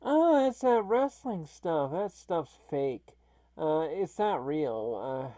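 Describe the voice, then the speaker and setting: Woman voicing smug bodiless evil Dark Milo. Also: low-pitched, very animated, slow pace, dry recording, full character voice. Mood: mocking. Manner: mocking, condescending. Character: bodiless evil male entity, teasing and smug. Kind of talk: comedy gaming sketch.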